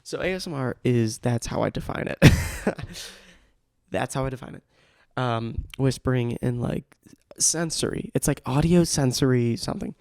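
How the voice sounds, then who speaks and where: A man's voice: mid-range voice, normal speed, a little mellow, no room sound, studio quality. A young man hosting a casual solo podcast, rambling through tangents and poking fun at himself. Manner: rambling and self-mocking, with tangents. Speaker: podcast host. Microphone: studio microphone.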